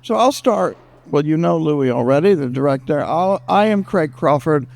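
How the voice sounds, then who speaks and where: A man from the United States moderating a panel, talking quickly and jokingly into a handheld microphone. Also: fairly high pitch, creaky. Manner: animated, jokey, fast-talking. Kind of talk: lively panel talk. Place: screening event room.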